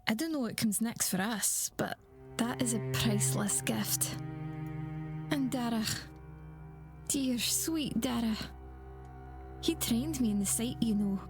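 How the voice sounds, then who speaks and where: An actress playing a gentle woman with second sight in a video game, soft, measured and earnest, over game music. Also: a little high.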